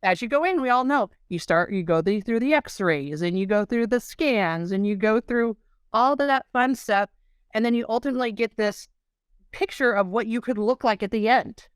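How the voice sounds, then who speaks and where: On an interview podcast, a woman guest earnestly and emotionally shares her own story as a dental implant patient. Her fairly high voice is clear and resonant at a normal speed, captured in a clean, dry studio with no room sound.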